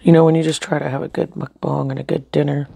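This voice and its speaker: A woman talks to her viewers between bites in a casual eating-show chat. Her voice has a gravelly, creaky edge, and she is blunt, swears, then says sorry for it. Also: low-pitched, little pitch movement, quick pace, dark tone. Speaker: mukbang vlogger.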